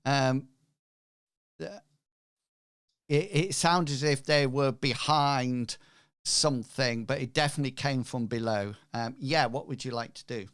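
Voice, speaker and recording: A man running a tabletop game as game master, talking hesitantly with many pauses and fillers. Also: medium pitch, fairly bright tone, clean tone.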